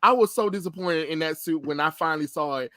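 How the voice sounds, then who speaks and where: A man hosting a casual pop culture chat, ranting with animated energy and plenty of swearing. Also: on the high side, fast, dry recording, studio quality. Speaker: podcast host.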